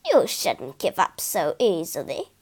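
A woman voicing an old crone with a low croaking voice in a storybook reading. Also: big pitch swings, unhurried, a little mellow, exaggerated voice. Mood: gruff. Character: old female crone, gruff and knowing.

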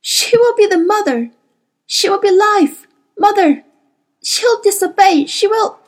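A woman's voice: extremely high pitch, animated, unhurried, voice pushed up. A woman voicing a desperate, tormented female witch who shrieks, pleads and sobs. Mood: sobbing.

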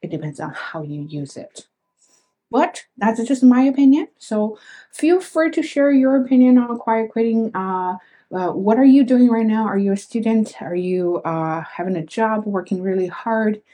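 A woman's voice: a little high, animated, normal speed, mellow, rough recording. A young woman hosting her own podcast, talking in an earnest, reflective way and speaking straight to her listeners. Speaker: podcast host. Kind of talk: casual solo podcast talk.

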